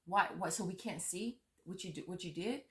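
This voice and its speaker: A woman who vlogs about money-saving apps angrily rants to her viewers, swearing, stammering and repeating herself. Her voice is fairly low and she speaks at a moderate pace.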